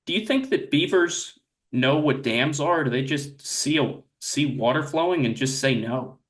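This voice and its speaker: Earnest, measured young male interviewer. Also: fairly high pitch, expressive, fairly bright tone. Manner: earnest, measured, mock-serious questioning. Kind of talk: deadpan mock interview.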